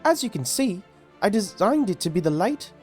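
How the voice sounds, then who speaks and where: Guy putting on a tiny chirpy seamstress lady, super high voice, kinda loud. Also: big pitch swings, normal speed, soft background music. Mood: cheerful. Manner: bubbly, proud.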